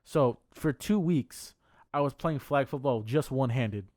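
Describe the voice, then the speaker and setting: A man's voice: mid-range voice, measured pace, a little mellow, no room sound, studio quality. A young man co-hosting a podcast, telling a long personal story in a casual, heavily profane, rambling way full of fillers. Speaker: podcast co-host.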